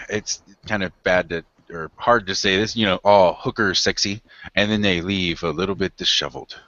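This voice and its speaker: A man's voice: sits low, fairly even intonation, normal speed, sharp tone, dry recording. A man who works in a hotel, chatting casually on a livestream, telling stories with lots of fillers and laughs. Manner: storytelling, laughing, many fillers. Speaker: hotel worker. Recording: dry, dull lo-fi call audio.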